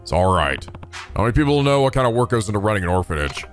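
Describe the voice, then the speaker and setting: A man doing a deep, stoic gruff hero. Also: very animated, quick pace, soft background music. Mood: stern.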